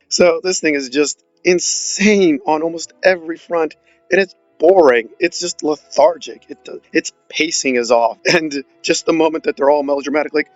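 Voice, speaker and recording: A man's voice: fairly high pitch, moderate pace, no echo, dull audio, faint music behind. A man giving a sarcastic, exasperated film review, mocking the movie as he goes. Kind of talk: opinionated film review monologue.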